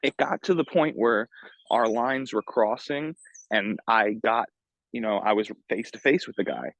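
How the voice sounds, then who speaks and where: A man's voice: on the low side, measured pace, gravelly, fairly bright tone, no echo. A young man with a New York accent, hosting a podcast and telling a story in casual street slang, full of swearing and fillers. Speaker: podcast host. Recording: dull lo-fi remote audio.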